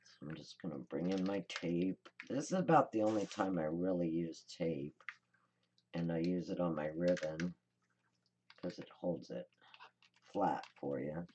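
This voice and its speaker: A woman's voice: rumbling low, a little slow, darkish tone, slight background noise. A woman hosting a card-making tutorial, chatting casually and thinking aloud as she works. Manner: chatty, rambling, thinks aloud while working. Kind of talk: casual crafting demonstration.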